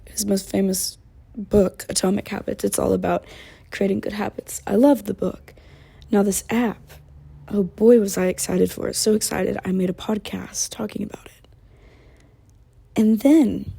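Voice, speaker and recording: A woman's voice: medium pitch, vocal fry, mellow, slightly rough. A woman hosting her own podcast, chatting casually and candidly, venting with swearing and laughter. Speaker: podcast host. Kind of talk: casual solo podcast chat.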